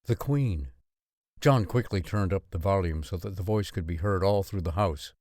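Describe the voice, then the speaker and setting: A man reading a novel aloud in expressive, measured narration. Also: deep voice, no room sound, studio quality. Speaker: audiobook narrator. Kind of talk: scripted storybook narration.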